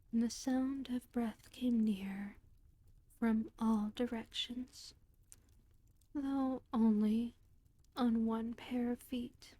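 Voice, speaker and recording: A woman reads a storybook in a whispered role-play, her whisper very slow and unhurried. Her voice sits slightly high, and the close microphone catches it dry, with no room sound. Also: no echo. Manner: whispered, slow, gentle reading.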